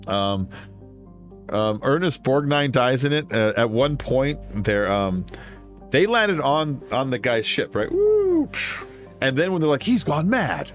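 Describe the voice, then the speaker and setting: Animated rambling male streamer. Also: medium pitch, unhurried, faint music behind. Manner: rambling, animated storytelling full of fillers. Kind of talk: casual chat while gaming.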